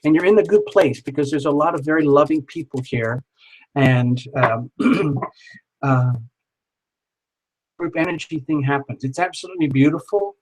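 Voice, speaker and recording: A man's voice: a little high, normal speed, rough recording. A man hosting a live tarot reading stream, chatting casually and reassuringly with viewers.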